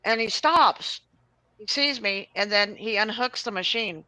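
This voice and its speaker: A woman hosting a casual chat, telling a long rambling story in an animated way. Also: mid-range voice, moderate pace, no room sound, poor audio. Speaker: host.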